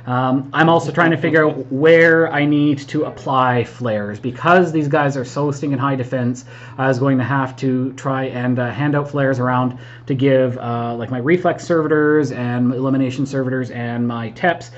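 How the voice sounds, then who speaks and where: A man's voice: medium pitch, muffled recording. A man doing voice-over commentary on his own tabletop wargame match, chatty and self-critical, with lots of ums and agreeing murmurs. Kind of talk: voice-over game recap commentary.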